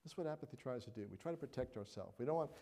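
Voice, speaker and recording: Earnest middle-aged preacher, mellow voice. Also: male voice, medium pitch, lively intonation, rapid-fire. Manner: earnest, conversational, frequent "all right?" and "you know". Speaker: pastor. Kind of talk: sermon.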